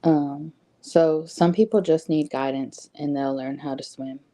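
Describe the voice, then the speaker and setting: A woman's voice: low voice, steady tone, measured pace, dark tone. A woman giving a casual motivational talk, conversational, with frequent ums and rhetorical "right?" questions. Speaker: host.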